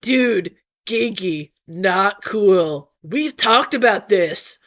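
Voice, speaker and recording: A woman's voice: mid-range voice, animated, drawn-out words, a bit bright, voice pushed down. A laid-back surfer dude talks in an easygoing, slangy way, a woman voicing him for a storybook reading. The recording sounds dull and lo-fi. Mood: disappointed.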